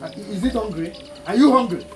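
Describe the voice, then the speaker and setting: A man's voice: high-pitched, animated, fast talker, slight background noise. A man with a Nigerian accent playing a distraught father who pleads with his hurt son and keeps repeating his questions. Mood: pleading. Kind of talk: film drama acting. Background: film score music.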